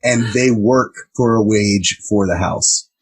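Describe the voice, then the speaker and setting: A man co-hosting a podcast in casual chat, playful and fond of pitching silly ideas. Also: slow, husky, no echo, poor audio. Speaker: podcast co-host.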